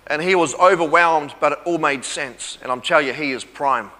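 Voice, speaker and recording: A man's voice: a little high, normal speed, bright, forceful tone. A man preaching a sermon with testimony, earnest, repeating phrases and calling for amens. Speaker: pastor. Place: church hall. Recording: echoey hall reverb.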